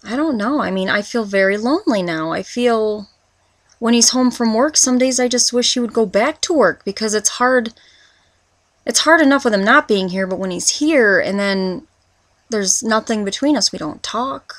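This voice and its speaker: A woman in her twenties talking through a confessional personal vlog, rambling and halting, with many restarts as she searches for words. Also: on the high side, fairly bright tone, dry recording. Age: 20s. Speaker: vlogger.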